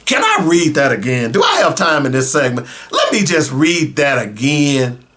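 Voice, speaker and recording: A male radio host giving sarcastic talk radio commentary, talking straight to his listeners and breaking into shouts. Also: medium pitch, moderate pace. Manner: animated, sarcastic, bursts into shouting; addresses listeners directly and casually.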